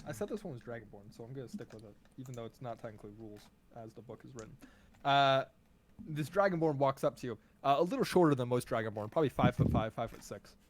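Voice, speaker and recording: A man's voice: mid-range voice, quick pace, background noise. A man narrating as game master of a tabletop game, casual and full of ums and asides.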